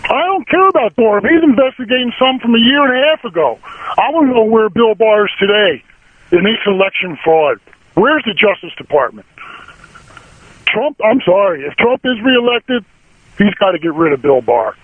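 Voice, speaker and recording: A man's voice: high voice, expressive, normal speed, no room sound. A man in his sixties calling in to a talk radio show, indignant and blunt, firing off short repeated questions. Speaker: caller. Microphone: telephone. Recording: tinny phone line.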